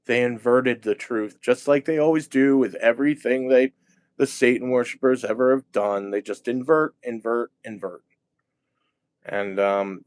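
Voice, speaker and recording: Man, rambling monologue, agitated, swearing, halting restarts, slow, dead dry sound. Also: medium pitch, clean tone, no room sound. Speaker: vlogger.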